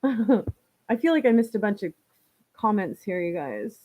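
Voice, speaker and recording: Her mid-range voice has lively intonation, a slightly slow pace and long pauses as this young Canadian woman runs a casual live stream. Warm and chatty with viewers, she reads out their comments, laughs a lot, and leans on "like" and "you know."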